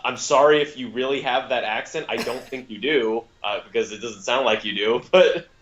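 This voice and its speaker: A man's voice: mid-range voice, moderate pace, a bit bright, highs cut off. A man co-hosting a casual podcast film review, rambling with frequent fillers and self-corrections. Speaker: podcast co-host.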